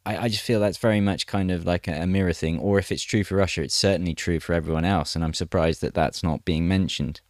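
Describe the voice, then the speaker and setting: A man's voice: deep voice, steady tone, fast, hardly any pauses, dry recording, studio quality. A man reading a news article aloud and breaking off for chatty, wry asides to his viewers. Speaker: news commentator.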